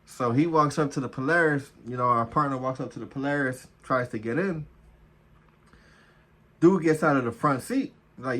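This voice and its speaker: A man's voice: mid-range voice, moderate pace, pushed and bright. A man from New telling a casual, profane, slang-heavy story as a vlogger. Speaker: vlogger, former officer.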